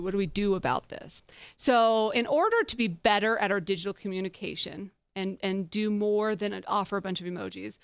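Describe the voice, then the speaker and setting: Woman, podcast host, conversational talk, lively, laughs easily, mid-pitched voice, dry close sound. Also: no room sound. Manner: lively, laughs often, self-deprecating asides.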